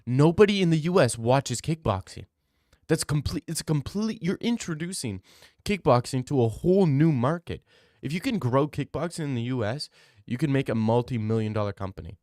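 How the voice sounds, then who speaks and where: A man's voice: mid-range voice, expressive, a little fast, a little mellow, no room sound, clean studio sound. A young man streaming, chatting casually as he reads his live chat, rambling and opinionated, repeating himself.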